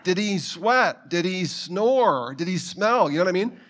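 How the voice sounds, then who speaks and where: Middle-aged guy preaching, kinda higher voice, tells stories, keeps asking the crowd stuff. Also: measured pace, slight background noise. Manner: storytelling, animated, asks the listeners questions. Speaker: pastor. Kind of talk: sermon.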